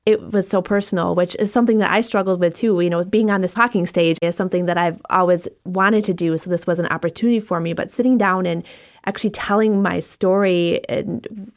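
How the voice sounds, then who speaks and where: Affirming woman podcast host. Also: medium pitch. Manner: affirming, conversational, sets up questions at length. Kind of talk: podcast interview conversation.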